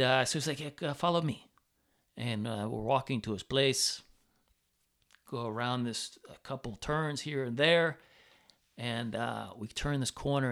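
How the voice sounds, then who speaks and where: Casual storytelling man, podcast host. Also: medium pitch. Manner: animated, swears, quotes people in raised voice.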